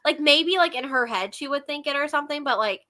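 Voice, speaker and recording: Giggly bright-voiced woman hosting a book chat. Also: sits high, expressive, fast. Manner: giggly, rambling, lots of "like". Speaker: book club host. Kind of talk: casual chat.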